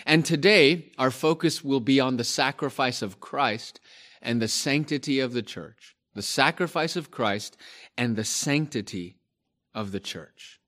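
A male pastor preaching a sermon, slow and emphatic, repeating key phrases for stress. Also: medium pitch, expressive, fairly bright tone.

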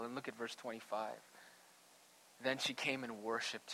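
A male pastor preaching a sermon, going from hushed, slow lines to loud, emphatic ones. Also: medium pitch, steady tone, a little hiss or hum, poor audio.

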